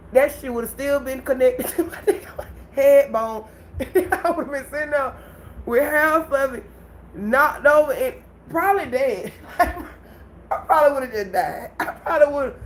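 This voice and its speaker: Animated woman telling a livestream story. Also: high voice, a little hiss or hum, low-quality recording. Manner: animated, laughs often, addresses viewers directly. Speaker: livestream host.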